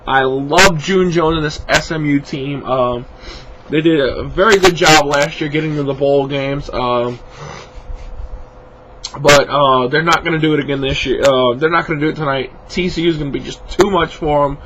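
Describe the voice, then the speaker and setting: A man's voice: a little high, normal speed. Guy rambling thru his picks, sleepy n yawny, lotta ums, noisy audio. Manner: rambling, many fillers, self-correcting. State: sleepy, yawning. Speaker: sports vlogger making picks. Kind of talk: casual spoken predictions.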